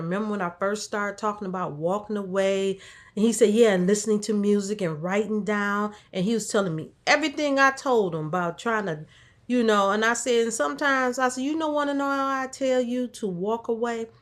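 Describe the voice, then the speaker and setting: A woman's voice: fairly high pitch, a bit bright. A woman casually telling a story from her caregiving job, quoting herself and a patient back and forth, with an encouraging, faith-tinged way of talking. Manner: encouraging, faith-infused talk. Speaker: caregiver sharing a workday story.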